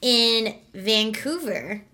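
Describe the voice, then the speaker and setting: A woman's voice: a little high, lively intonation, drawn-out words, pushed and bright. A woman co-hosting a casual podcast chat, giggly and self-deprecating. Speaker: podcast co-host.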